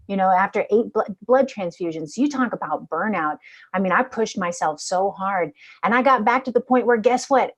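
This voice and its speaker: A middle-aged woman host telling her own story in an earnest, animated way during a conversational interview. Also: on the low side, highs cut off. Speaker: podcast host.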